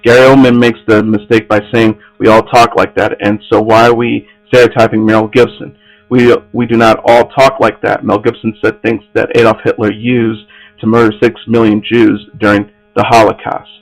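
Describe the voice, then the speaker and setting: A man's voice: lowish voice, flat delivery, normal speed, soft background music, low-quality recording. A man hosting an entertainment news podcast, reading stories aloud with frequent slips and restarts.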